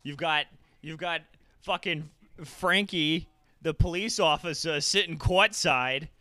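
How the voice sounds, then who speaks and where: A young man giving casual, profane play-by-play as a fan while watching a game, bursting into excited shouts. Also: fairly high pitch, slow, no echo.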